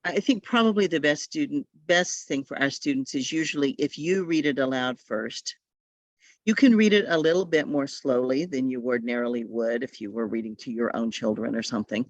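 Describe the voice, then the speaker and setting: A woman's voice: a bass voice, brisk, dry recording. Woman trainer, chatty and advice-giving, over a dull lo-fi call line. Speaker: literacy tutor trainer. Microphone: video call.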